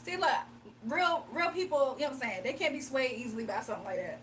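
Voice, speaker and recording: A woman's voice: high voice, big pitch swings, quick pace, a bit bright. A woman hosting a casual livestream, chatting with viewers, laughing often and talking straight to the chat. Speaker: livestream host. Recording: a bit distant from the mic, faint hum.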